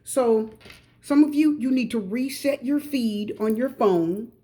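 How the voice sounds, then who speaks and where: A woman's voice: fairly high pitch, slow pace, mellow. A middle-aged woman from the United States giving a pick-a-card tarot reading, chatty and emphatic, repeating her advice straight to viewers. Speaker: tarot reader.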